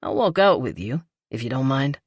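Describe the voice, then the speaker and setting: A woman narrator voicing a veteran male firefighter in a romance audiobook, friendly and low-key. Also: sing-song, normal speed, creaky, slightly rough, no room sound, studio quality, full character voice. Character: man, veteran firefighter, easygoing and earnest. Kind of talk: audiobook character reading.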